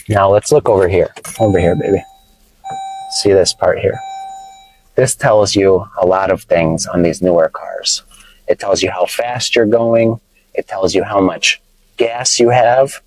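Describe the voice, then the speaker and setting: An American man teaching English vocabulary in a casual vlog from inside a parked car, playful and teasing, explaining slowly with lots of repetition. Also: low voice, a little mellow, low-quality recording. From United States. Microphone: phone camera held by his wife.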